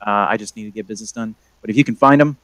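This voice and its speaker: A man's voice: fairly low pitch, very fast, fairly bright tone, no room sound, natural voice. A man voicing a blunt male trade official who rambles and repeats himself in an offhand way.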